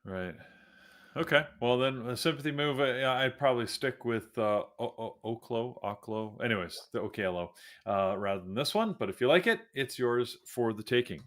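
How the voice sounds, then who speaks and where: A man's voice: medium pitch, normal speed. Male trading-show host, casual live commentary, mid-range voice, chatty and unscripted. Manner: relaxed, thinking aloud with fillers.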